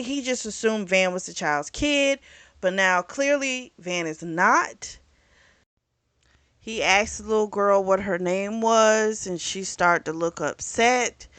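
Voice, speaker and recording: A woman's voice: mid-range voice, a little slow, fairly bright tone, dry recording. A woman hosting a book club channel, casually recapping a novel's plot with quoted dialogue. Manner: chatty, retells scenes with quoted lines.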